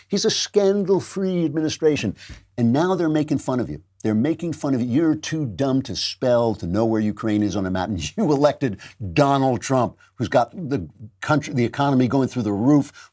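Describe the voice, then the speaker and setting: A man's voice: medium pitch, darkish tone. Sarcastic man hosting a political show. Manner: sarcastic, emphatic, repetitive. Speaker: host. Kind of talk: political commentary.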